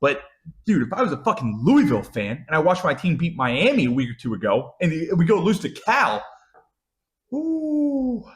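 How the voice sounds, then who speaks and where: A young American man rants about college football, cursing nonstop and repeating himself. His fairly high voice swoops wildly between loud outbursts and low mutters. The room around him is echoey. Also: sing-song, brisk. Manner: swears constantly, repeats lines, swings loud then muttering. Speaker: college football podcast host. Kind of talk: profane ranting sports talk.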